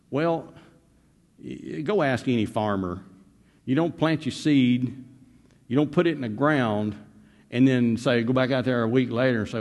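An older man preaching a sermon, telling folksy family stories and moving between quiet asides and loud urging. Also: mid-range voice, sing-song, normal speed, long reverb tail. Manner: folksy storytelling, swings from soft asides to loud exhortation. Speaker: pastor.

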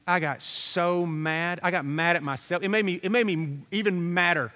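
A man's voice: high voice, moderate pace, pushed and bright, long reverb tail. A man preaching a sermon as a pastor, talking in a conversational, storytelling way, repeating himself and putting questions to the congregation.

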